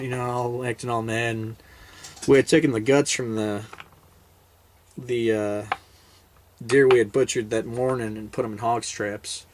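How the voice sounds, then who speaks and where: Male veteran, mid-range pitch, casual vlog storyteller; loose, rambling delivery full of restarts. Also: fairly even intonation, moderate pace. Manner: rambling, laid-back, many fillers and restarts. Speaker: military veteran hunter.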